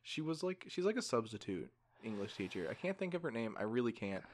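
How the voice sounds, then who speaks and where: A man in his twenties on a casual podcast, telling animated stories with plenty of casual swearing. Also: medium pitch, brisk, slight background noise. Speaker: podcast co-host.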